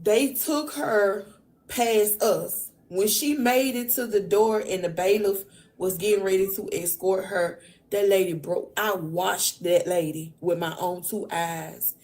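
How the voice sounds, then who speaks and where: A woman podcast host casually retelling events in an emphatic, animated way, full of slang. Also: mid-range voice, unhurried. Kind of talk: casual storytelling recap.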